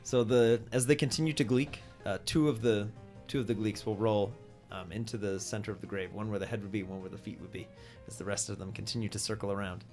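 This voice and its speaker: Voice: medium pitch, fairly even intonation, quick pace, darkish tone. Game master narrating a tabletop game, playful, faint music behind. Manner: playful, chanting creature noises.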